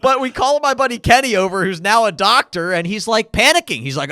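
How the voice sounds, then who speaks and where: A young man co-hosting a podcast, teasing his friend and chiming in with lively comments. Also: sits high, quick pace, few pauses, no room sound, studio quality. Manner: teasing, lively, interjects often. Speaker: podcast co-host. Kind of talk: casual chat.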